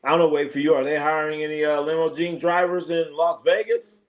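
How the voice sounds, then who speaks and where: A middle-aged man hosting a live sports stream, chatting casually with viewers and telling profane, animated stories. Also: fairly high pitch, fairly quick, a little hiss or hum.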